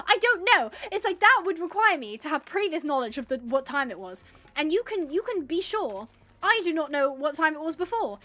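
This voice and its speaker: A woman's voice: high-pitched, big pitch swings, brisk, bright, forceful tone. An English woman live-streaming a game, chatting casually and rambling, laughing often as she reads out the chat. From England.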